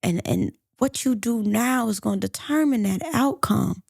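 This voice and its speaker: A persuasive male detective playing good cop, calmly urging and coaxing, as a woman puts him on. His voice is a little gravelly and sounds close and dry. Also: on the high side, moderate pace, no echo.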